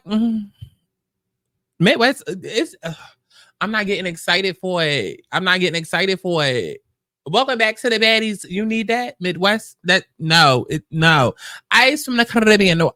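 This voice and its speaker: A chatty woman hosting a reaction commentary, rambling from one thought to the next. Her pitch swings widely as she talks. The sound is dry and close on the mic. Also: expressive, normal speed, sharp tone, dry recording. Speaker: host. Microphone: close podcast mic.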